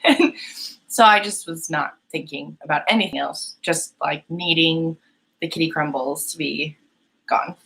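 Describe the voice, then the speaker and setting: A woman's voice: sits low, a little slow, gravelly, a bit bright, low-quality recording. A young woman hosting a painting live stream, chatting casually and giggling as she talks to her chat. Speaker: painting livestream host.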